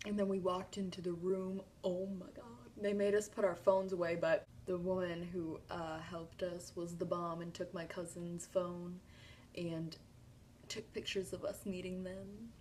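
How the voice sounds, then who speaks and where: A young woman in a casual vlog, excitedly retelling a fan story with lots of "like" and sudden squeals. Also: on the low side, measured pace, a little hiss or hum. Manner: gushing, breathless retelling with filler "like". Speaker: vlogger.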